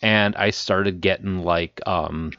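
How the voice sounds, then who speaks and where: Animated storytelling man, low voice. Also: slow, no room sound, muffled recording. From Chicago area, Illinois. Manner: animated storyteller who laughs and acts out quotes. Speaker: podcast co-host. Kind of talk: casual chat.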